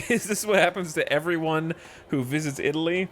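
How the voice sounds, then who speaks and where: A man's voice: fairly high pitch, fairly quick, fairly bright tone, soft background music. A man streaming a strategy game, reading its event text aloud and adding wry asides. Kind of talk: casual gameplay commentary.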